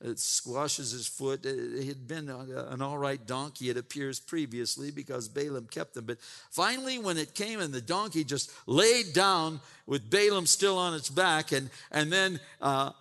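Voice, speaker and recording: A man's voice: mid-range voice, moderate pace, gravelly, hardly any pauses, bright, forceful tone. A man preaching a sermon, retelling scripture with emphatic asides and repeated words. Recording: long reverb in a large hall.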